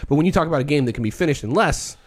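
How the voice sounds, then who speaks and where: A man's voice: on the high side, expressive, racing. A man hosting a casual podcast panel chat, rambling and swearing freely. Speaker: podcast host.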